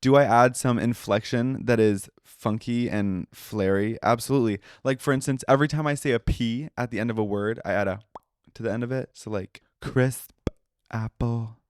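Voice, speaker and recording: A man's voice: mid-range voice, brisk, smooth, no room sound. Young guy w nasal voice, podcast host, dry close sound, stresses every other word. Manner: emphatic, expressive, with lots of laughing asides. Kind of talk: casual chat.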